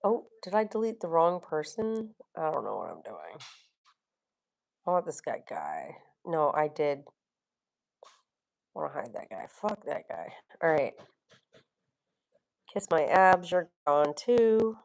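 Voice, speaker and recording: Hosting a laid-back livestream, this middle-aged woman from Florida rambles along, answers viewer comments, laughs easily, and swears without hesitation. Her low, gravelly voice carries lots of fry and a darkish tone, moving slowly in a sing-song lilt broken by long pauses.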